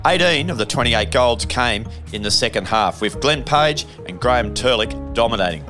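Male documentary narrator over guitar. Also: mid-range voice. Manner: steady, measured read of scores and names. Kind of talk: scripted narration.

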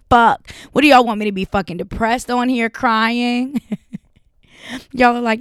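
A woman's voice: on the high side, unhurried, clean tone, no room sound, studio quality. A young woman hosting a solo podcast, talking bluntly with lots of profanity and frequent laughter. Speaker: podcast host.

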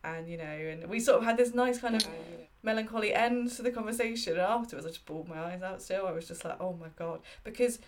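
A woman's voice: medium pitch, fast talker, few pauses, a crowd in the background. A woman in her thirties telling personal stories in a candid, heartfelt way during a casual chat. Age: 30s.

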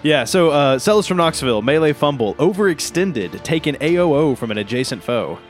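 Brief: male tabletop player, expressive, swings pitch a lot, music under the voice. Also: brisk. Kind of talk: casual tabletop play.

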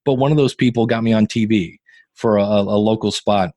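A man's voice: lowish voice, a little fast, dry recording. A man in his fifties from Ohio, telling stories in a casual interview as a podcaster and guitarist. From Northeast Ohio. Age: 50s. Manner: chatty storyteller, animated quoting of others.

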